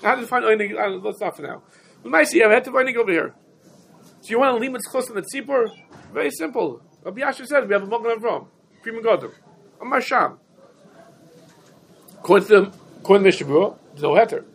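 A high-pitched man gives a Talmudic lesson. He fires off rhetorical questions and hammers points home through repetition. A faint hiss of noise sits under the voice. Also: animated, fast talker, creaky, a bit bright, rough recording. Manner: rhetorical questions, emphatic repetition, Yiddish-Hebrew terms. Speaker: Torah teacher. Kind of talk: Talmudic shiur lecture.

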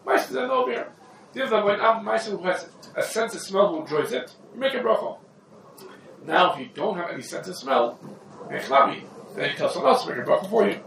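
A man's voice: high voice, animated, a little fast, vocal fry, a bit bright. A man giving an informal, conversational Torah lesson, moving between English and Yiddish and Hebrew terms. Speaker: rabbi teaching a halacha class. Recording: roomy echo from a distant mic with faint background noise.

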